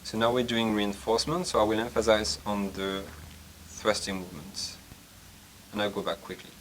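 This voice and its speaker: Calm man teaching acupuncture. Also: lowish voice, normal speed, slight background noise, poor audio. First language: French. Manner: calm, methodical, explaining step by step with hesitations. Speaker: acupuncture lecturer. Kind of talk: clinical demonstration tutorial.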